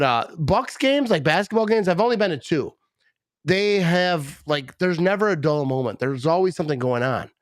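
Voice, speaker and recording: A middle-aged podcast host from Wisconsin, a little tipsy and rambling through casual talk. His voice sits fairly high for a man. The sound is dry and close. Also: dry recording. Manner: rambling, loose, full of "like" and "bro".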